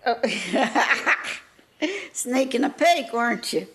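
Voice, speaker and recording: A woman's voice: sits high, animated, drawn-out words, fairly bright tone, slight background noise, full character voice. A woman playing an elderly retired first-grade teacher, rambling through folksy, gossipy stories. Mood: rambling reminiscing. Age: older.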